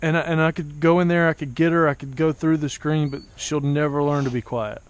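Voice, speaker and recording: Soft-spoken man coaxing a bird outdoors. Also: fairly high pitch, steady tone, fairly quick, clean tone. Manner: quiet, patient, coaxing the bird between remarks. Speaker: falconer training a hawk. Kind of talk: casual vlog narration while working outdoors. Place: outdoors among trees.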